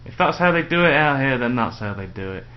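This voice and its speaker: A man's voice: mid-range voice, animated, quick pace. A man ranting sarcastically to camera in a casual vlog at home. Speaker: vlogger. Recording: dull lo-fi home video with faint noise.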